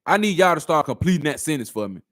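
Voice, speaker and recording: Man, reaction commentator, combative rhetorical style, slightly high voice, dry close sound. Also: lively intonation, quick pace, fairly bright tone, no room sound. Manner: argumentative, rhetorical questions.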